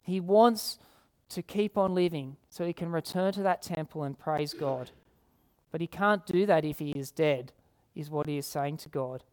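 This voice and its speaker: An earnest woman preacher with a somewhat low voice. She repeats key phrases for emphasis and slows down when she reads scripture aloud. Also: darkish tone. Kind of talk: sermon.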